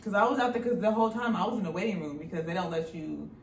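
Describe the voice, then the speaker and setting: A woman's voice: on the low side, very fast. A young woman co-hosting a podcast who tells a personal story in a casual, conversational way. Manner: conversational, retelling events and acting out the voices of the people in them. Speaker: podcast co-host. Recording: echoey room, mic at a distance, faint noise.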